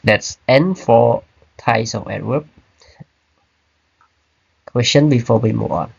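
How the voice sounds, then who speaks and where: A man teaching an online grammar class, explaining slowly and checking in with "right?" and "okay?". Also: medium pitch, creaky, husky, muffled recording. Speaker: English teacher. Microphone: computer mic on a video call.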